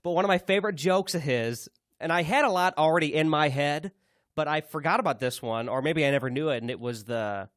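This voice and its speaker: A man with a fairly high, slightly bright voice co-hosts a podcast, chatting briskly and casually while rambling, restarting and using lots of fillers. It's studio quality with no room sound.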